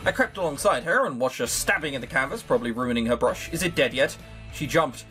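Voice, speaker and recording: With a medium-pitched, sharp voice, this let's play host reads through a visual novel a little fast and very animated. Faint music plays behind him as he cuts in with sarcastic jokes and casual swearing.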